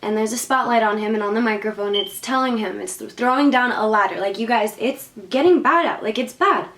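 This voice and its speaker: A woman's voice: on the high side, a little fast, fairly bright tone. A woman vlogger telling a story and giving spiritual advice in a casual, slangy, rambling way. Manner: slangy, rambling with many fillers. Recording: roomy echo.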